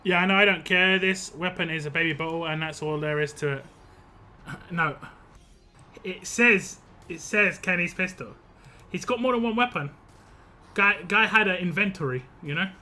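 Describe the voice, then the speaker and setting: A man's voice: high-pitched, normal speed, sharp tone. A young man streaming a game live, chatting casually with viewers, rambling and laughing often.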